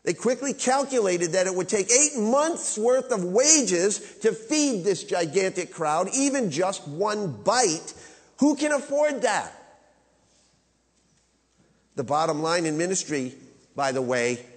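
Emphatic preacher in a reverberant hall. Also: male voice, animated, takes it slowly. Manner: emphatic preaching, swinging from loud high peaks to low quiet asides. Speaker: pastor. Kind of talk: sermon. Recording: long reverb of a large hall.

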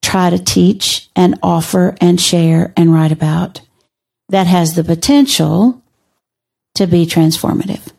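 An older woman, a guest on a podcast, telling stories in a measured, wry way. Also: on the low side, vocal fry, warm tone, breathy edge. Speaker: podcast guest, teacher and author. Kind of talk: conversational storytelling.

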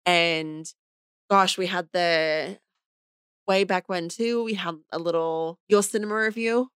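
A woman's voice: lowish voice, fairly even intonation, takes it slowly, a bit bright, smooth, no echo, studio quality. A woman in her thirties from Australia, chatting casually on a podcast and laughing often. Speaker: podcast guest, host's wife. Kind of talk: casual chat.

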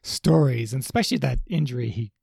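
A man's voice: medium pitch, quick pace, creaky, a little mellow, breathy edge, no echo, clean studio sound. A man co-hosting a podcast, joking around and laughing with his guest. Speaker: podcast co-host. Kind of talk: casual interview chat.

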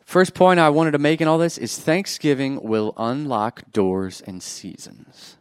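A man preaching a sermon, animated and joking with the congregation, swinging from loud bursts to quiet asides. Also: on the high side, unhurried, smooth, no echo, clean studio sound. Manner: jokes with the congregation.

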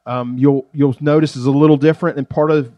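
A man's voice: a little high, steady tone, brisk, no room sound, dull audio. A man preaching a sermon as pastor, in a folksy, joking, conversational way. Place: church.

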